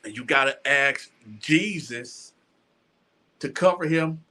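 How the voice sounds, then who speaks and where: A man hosting a show, telling a casual story to his viewers in an animated way, with stammered restarts and repeated phrases. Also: on the high side, slow. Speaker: show host.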